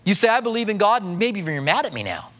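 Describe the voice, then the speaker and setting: A pastor preaching a sermon in a church, talking in a conversational way with rhetorical questions and dropping to a soft hush when he voices prayers. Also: high-pitched, sing-song, racing.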